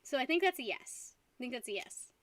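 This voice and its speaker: A woman's voice: high voice, expressive, fairly quick, fairly bright tone. A young woman streaming casually, tipsy from wine, rambling and giggling while talking to her dog. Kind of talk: casual live-stream chat.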